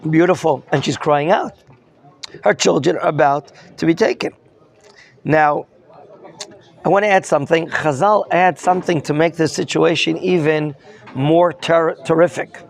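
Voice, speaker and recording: A man's voice: fairly high pitch, moderate pace, gravelly. A man teaching a Torah lesson as a rabbi, questioning his students and mixing in Hebrew terms. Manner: questions the students and prompts answers.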